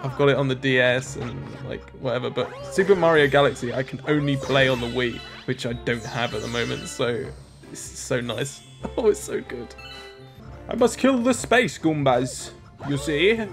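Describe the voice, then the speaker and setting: A young man in his twenties, a gaming host, joking and reacting excitably while he plays. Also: medium pitch, moderate pace, over music. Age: 20s. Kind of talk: let's-play commentary.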